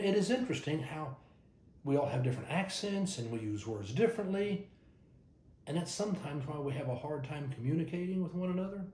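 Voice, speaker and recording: A man's voice: on the high side, roomy sound. An older man from Texas with a Texan accent, a pastor telling stories in a folksy devotional talk, often repeating his first word. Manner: warm anecdotal, repeats words at starts.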